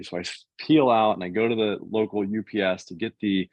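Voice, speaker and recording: A man in his fifties from the US East Coast, telling a business story in casual, animated chat and acting out what other people said. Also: fairly low pitch, no room sound. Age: 50s. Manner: animated, fast, acts out other people's quotes. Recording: dull, dry, lo-fi sound.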